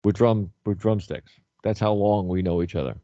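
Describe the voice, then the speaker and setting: An older man hosts a casual talk show, wandering through his thoughts and circling back on his words. His voice sits low and mellow. The recording is dull, dry and lo-fi. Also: moderate pace, no echo. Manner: rambling, repeats words, trails off. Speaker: host.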